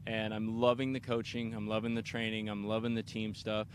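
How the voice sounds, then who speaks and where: A man's voice: fairly low pitch, level tone, fairly quick, a little hiss or hum. A middle-aged man from Kansas, an off-road racer answering interview questions outdoors in an enthusiastic, rambling way with many restarts. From Kansas, USA. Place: outdoors at an off-road race park.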